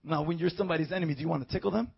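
A man preaching an evangelistic sermon, telling a story in low tones and then breaking into shouted praise. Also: very fast, creaky, husky, highs cut off.

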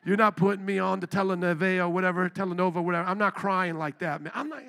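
A man's voice: sits high, flat delivery, fast, vocal fry, pushed and bright. A middle-aged male pastor preaching a sermon in a candid, conversational way, with his intensity rising and falling.

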